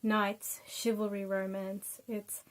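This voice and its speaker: A woman's voice: medium pitch, flat delivery, slow pace, low-quality recording. Young Australian woman, casual reviewer, chatty and loose, mid-range voice, lots of fillers. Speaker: book reviewer.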